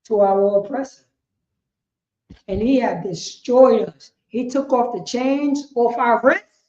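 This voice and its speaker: A woman with a New York accent teaching a religious class in a loud, impassioned street style, shouting and swearing as she speaks. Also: a little high, slow pace. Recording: roomy, dull lo-fi stream audio.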